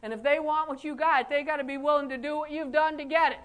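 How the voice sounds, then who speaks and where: A middle-aged woman with a high voice gives a motivational speech to fellow chiropractors. She talks in a folksy, lively way, laughing often and acting out what people said to her. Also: fast. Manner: folksy, animated, laughs often, acts out quotes. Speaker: chiropractor giving a talk.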